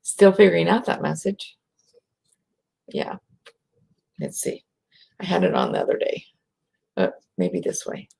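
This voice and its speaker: A middle-aged American woman with a slight rural twang, speaking softly and reflectively as a spiritual speaker, sometimes dropping into a whisper to guide breathing. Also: lowish voice, sing-song, vocal fry, slightly rough. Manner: slow, soft, drops to a whisper at times.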